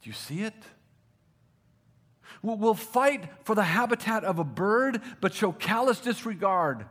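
A man preaching a sermon, moving between emphatic repetition and quiet, intense asides. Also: sits high. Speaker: pastor.

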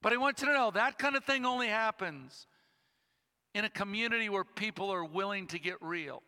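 Bright-voiced preacher man in a hall. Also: high-pitched, clear, resonant tone. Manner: storytelling with slow dramatic pauses. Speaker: pastor. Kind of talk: sermon.

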